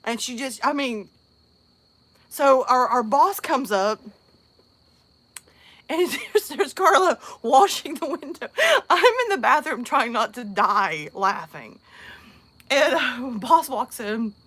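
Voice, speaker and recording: A woman hosting her channel, telling a story in a casual, animated way, laughing often and acting out other people in squeaky voices. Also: takes it slowly, pauses often. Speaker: channel host.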